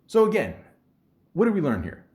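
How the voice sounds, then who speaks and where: A man's voice: a little high, wildly swooping pitch, normal speed, darkish tone. A man hosting a podcast, telling a story in a rambling, profane way, full of fillers. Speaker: podcast host.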